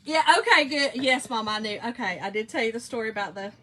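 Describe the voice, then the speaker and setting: A woman's voice: on the high side, animated, fast, background noise. A woman with a Southern US accent chatting and telling stories to her livestream viewers while she works on a craft project, laughing often. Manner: talkative, laughs often, speaks to chat as "y'all".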